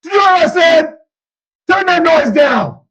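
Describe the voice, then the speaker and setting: A man playing a shouting, stern father. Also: sits high, lively intonation, slow pace, dull audio, voice pushed up, full character voice. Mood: shouting angrily. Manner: shouting, scolding. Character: stern exasperated father, middle-aged man. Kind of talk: anecdote on talk radio.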